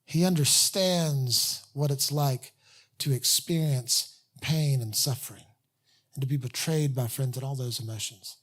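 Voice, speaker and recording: Pastor, sermon delivery, conversational and honest, mid-range voice, earnest slowed emphasis. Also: medium pitch. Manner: conversational, candid, self-deprecating asides.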